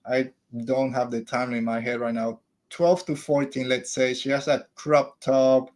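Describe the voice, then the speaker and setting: A man's voice: mid-range voice, little pitch movement, unhurried, darkish tone. A man, a father in his thirties, hosting a podcast and giving blunt, opinionated takes in a casual review. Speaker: podcast host.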